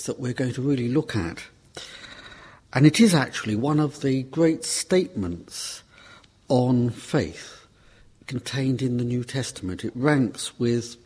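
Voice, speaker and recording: A man preaching a Bible class talk at an unhurried, deliberate pace. His voice is slightly husky, and he leans on key words and repeats them for emphasis. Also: medium pitch, a little mellow. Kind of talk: sermon.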